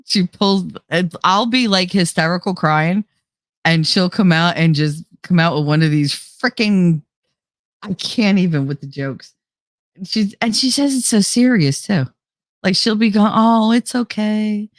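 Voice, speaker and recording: Her voice low-pitched, a middle-aged livestream host talks a little slowly and loosely to her viewers, reading their comments aloud, laughing a lot and swearing without a second thought. The audio is close and dry, with no echo or room sound.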